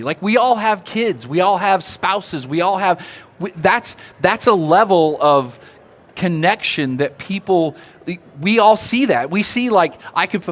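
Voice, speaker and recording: A man giving a live seminar talk, animated and drawing the audience in with questions. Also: on the high side. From Oklahoma. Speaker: seminar speaker. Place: seminar room.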